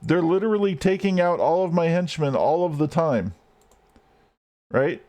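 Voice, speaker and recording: This man has a voice on the high side with a darkish tone, speaking at a normal speed. He's livestreaming a game, frustrated and cursing as he rants at it while playing.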